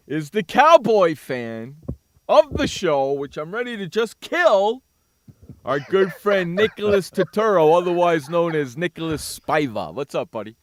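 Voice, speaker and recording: A man's voice: fairly high pitch, sing-song, a little slow, no room sound. A man hosting a sports talk radio show, ranting animatedly about the games and saying "freaking" over and over.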